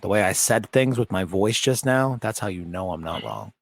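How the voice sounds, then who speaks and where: A man's voice: low voice, big pitch swings, normal speed, creaky, no room sound. A man co-hosting a podcast in casual chat, ranting bluntly with lots of swearing. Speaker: podcast co-host.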